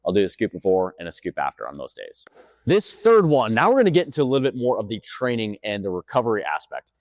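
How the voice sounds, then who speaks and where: Male fitness coach, quick energetic delivery, dry close mic, emphatic. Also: fairly low pitch, dry recording. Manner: energetic, repeats points for emphasis. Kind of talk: casual talk to camera. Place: gym.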